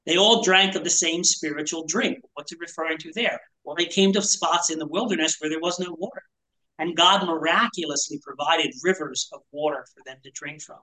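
Bright-voiced man teaching a Bible class. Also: on the high side, low-quality recording. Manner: conversational, explanatory, asks the class rhetorical questions.

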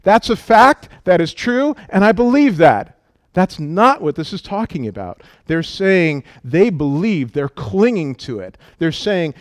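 A man's voice: high-pitched, sing-song, measured pace, no room sound, clean studio sound. A man preaching a sermon with emphatic delivery, acting out quoted voices as he teaches. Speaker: pastor.

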